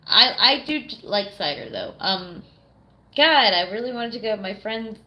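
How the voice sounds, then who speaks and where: A woman's voice: medium pitch, lively intonation, measured pace, bright, forceful tone. A young woman chatting on a live stream in a mid-range voice. She reads out chat questions and swears freely as she rambles. She laughs often.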